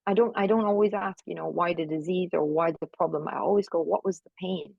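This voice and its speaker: A woman's voice: fairly low pitch, fast talker, gravelly, dry recording, dull audio. A woman from Malaysia, a guest actress, speaking emphatically and encouragingly in a remote interview. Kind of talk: casual interview talk. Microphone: remote recording.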